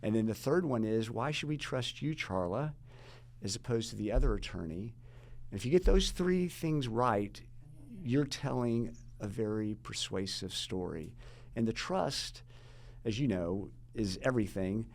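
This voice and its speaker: A man's voice: on the low side, expressive, measured pace, gravelly. A middle-aged man, a jury consultant guest, explaining his method in steps with rhetorical questions. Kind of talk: explanatory interview talk.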